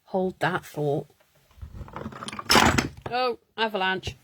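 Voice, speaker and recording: A woman's voice: mid-range voice, animated, very slow, heavy background noise. A woman hosting a live card-making stream, chatting, muttering to herself and laughing as she works. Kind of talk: casual live crafting chat.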